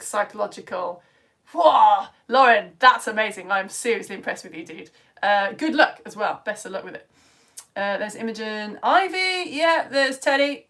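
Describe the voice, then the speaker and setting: Her voice is medium in pitch with a fairly bright tone. Bubbly and talkative, this children's science teacher live-streams into her phone, reading viewer comments aloud and calling out people's names excitedly.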